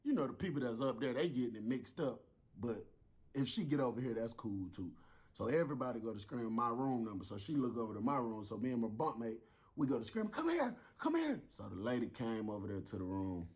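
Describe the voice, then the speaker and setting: A man telling a long story in an animated way, acting out voices and sounds as he goes. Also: mid-range voice, fast talker, husky.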